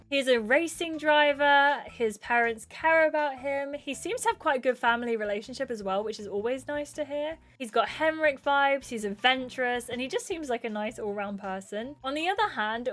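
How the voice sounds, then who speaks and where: A woman, a gaming YouTuber, chatting through a casual recap of a video game, with lively asides. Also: fairly high pitch. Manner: chatty, exclaiming.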